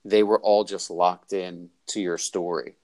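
A man's voice: low voice, steady tone, unhurried, dark tone. A man hosting an interview, talking earnestly and effusively with many restarts. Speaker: host. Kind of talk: casual interview.

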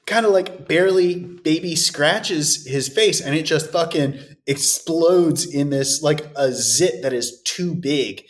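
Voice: mid-range voice, slow, hardly any pauses. A podcast co-host recapping a horror movie in casual, sarcastic chat and swearing freely.

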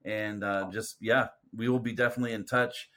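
A man's voice: fairly low pitch, fairly even intonation, a little fast, bright, forceful tone. A man hosts a casual podcast chat. He sounds friendly and enthusiastic as he thanks his guest. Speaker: podcast host.

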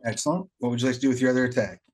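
Man, game master, measured rulings, even middle pitch, plain delivery. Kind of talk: narrating a tabletop game.

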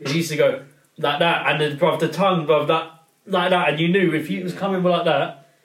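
A man's voice: a little high, fairly even intonation, a little fast, fairly bright tone. Rambling man recalling childhood. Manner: rambling storytelling full of slang fillers. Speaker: podcast co-host. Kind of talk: casual chat. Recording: roomy sound from a distance.

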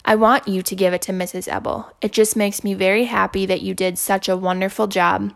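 A patient, kind school counselor, read by a woman from a storybook. She speaks softly and reassuringly at a middle pitch. Her voice carries a gravelly fry. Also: little pitch movement, a little fast, lightly acted. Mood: gentle. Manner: soft, reassuring.

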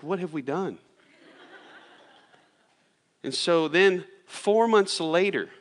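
A pastor delivers a sermon in a loose, chatty storytelling manner, full of fillers and restarts. His voice has a bright, forceful edge. It rings out with a long reverb, as in a large sanctuary. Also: a little high. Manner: casual, storytelling with lots of fillers. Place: church sanctuary.

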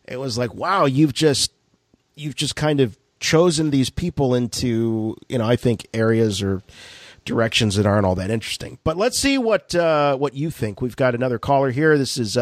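A man hosting a call-in radio podcast, talking in a rambling, animated way. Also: mid-range voice, no echo, studio quality. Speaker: podcast host. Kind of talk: casual call-in show chat.

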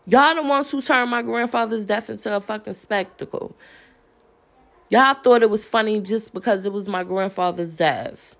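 A woman's voice: a little high, fairly even intonation, normal speed, vocal fry. New woman ranting on her podcast, cussing nonstop, laughing at her own jabs. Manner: profane, confrontational, laughs between jabs. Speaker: podcast host. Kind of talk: heated solo rant.

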